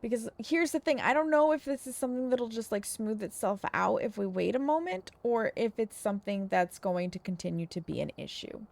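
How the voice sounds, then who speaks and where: A woman's voice: fairly high pitch, expressive, a little fast, gravelly, few pauses. A woman streamer talking casually to her viewers, frustrated and venting, with some swearing.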